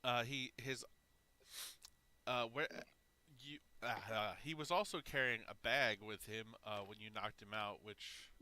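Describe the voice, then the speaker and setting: A man's voice: mid-range voice, steady tone, unhurried, sharp tone. A man running a tabletop game as game master, narrating with many hesitations.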